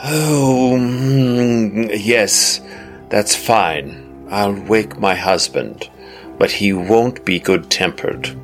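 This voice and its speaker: A man voicing a tall blonde female vampire elf who speaks in a lofty, drawn-out way. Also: fairly low pitch, soft background music. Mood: haughty.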